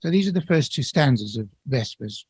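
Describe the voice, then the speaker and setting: A man giving an academic lecture in a measured, explanatory way, with occasional restarts. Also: medium pitch, expressive, a little mellow, breathy edge, no echo, rough recording.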